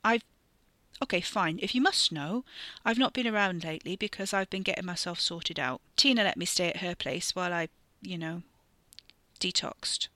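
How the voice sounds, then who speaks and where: Woman doing blunt young guy, clipped offhand talk, lowish bright voice, dry close recording. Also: normal speed, no echo. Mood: wry. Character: wry young man, recovering addict cousin.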